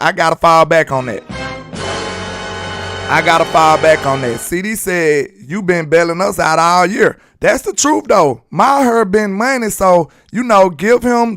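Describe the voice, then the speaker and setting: Southern-accented sports host, high for a man, lively and slangy, sings his shout-outs, faint music underneath. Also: normal speed. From Alabama. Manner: animated, slangy, breaks into sing-song shout-outs. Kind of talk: casual livestream sports commentary.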